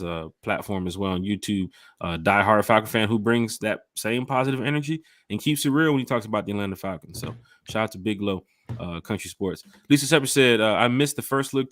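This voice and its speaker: A man hosting a fan podcast, reading out the live chat with lively shout-outs. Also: on the low side, dry recording. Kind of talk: casual chat.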